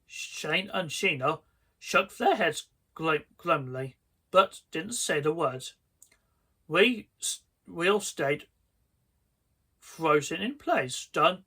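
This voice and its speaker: A man reads a children's horror story aloud, slow and deliberate, sometimes backing up over his words. His voice sits a little high and sounds bright, with a faint husky grain.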